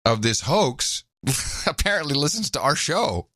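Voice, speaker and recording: At a measured pace and in a mid-range voice, a man co-hosts a podcast, chatting casually and telling animated stories full of laughs. The audio is studio quality, with no echo.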